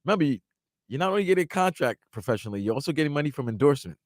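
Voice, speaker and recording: A man's voice: a little high, sing-song, rapid-fire, dry recording, clean studio sound. A man co-hosting sports talk radio, chatting casually with his partner.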